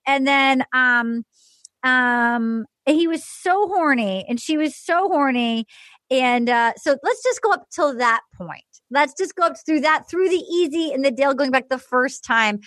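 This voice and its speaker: A woman's voice: sits high, unhurried, no echo, studio quality. A woman hosting a casual talk show, animatedly retelling events and acting out quotes. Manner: animated storyteller who acts out quotes. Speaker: podcast host. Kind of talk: casual chat recapping a reality show.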